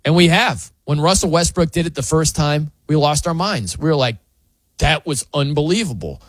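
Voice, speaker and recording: A man's voice: a little high, normal speed, dry recording. A man hosting a sports talk show, ranting in disbelief as he argues his opinions. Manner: animated, incredulous ranting.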